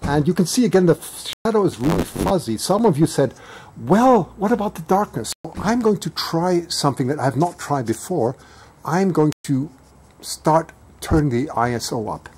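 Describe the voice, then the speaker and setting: A man's voice: fairly high pitch, expressive, moderate pace, a little mellow, a little hiss or hum. Enthusiastic man with a German-tinged accent. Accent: German-tinged English. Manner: enthusiastic, chatty, exclaims often. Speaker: livestream host and photographer. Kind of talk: live-stream chat reading viewer comments. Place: home, then outdoors at night.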